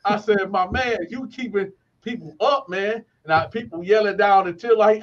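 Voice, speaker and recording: A man from Flint, Michigan tells stories casually at a moderate pace, his high voice coming through a muffled recording. He laughs often and mimics the voices of other people.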